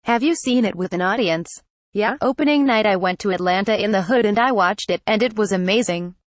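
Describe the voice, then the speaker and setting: A text-to-speech woman's voice reading a news article aloud in an even, machine-read delivery. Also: mid-range voice, a little fast, no room sound. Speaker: article reader.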